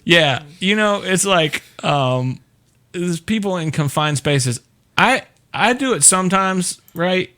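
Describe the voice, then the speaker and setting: A man's voice: high voice, expressive, slow pace, pushed and bright. A middle-aged man hosting a casual chat show, joking and rambling with lots of fillers. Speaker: show host.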